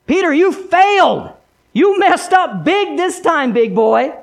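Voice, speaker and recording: A man voicing a taunting male devil who sneers and jeers at his victim, in a raised, louder voice than his preaching. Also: extremely high pitch, sing-song, slow, creaky, pitched above the performer's own voice, full character voice. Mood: mocking. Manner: jeering, scornful taunts.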